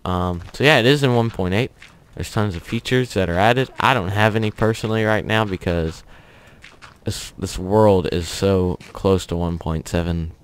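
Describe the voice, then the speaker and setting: A man's voice: low voice, moderate pace, clean tone. A young man hosting a gaming channel, telling a story in a rambling, offhand way with chuckles while he plays. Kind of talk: casual commentary over gameplay.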